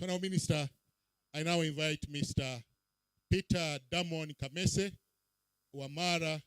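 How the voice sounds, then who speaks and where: Emcee man calling out a roll call. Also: no room sound. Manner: booming, calls out names with rising emphasis. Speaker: master of ceremonies. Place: outdoor public event.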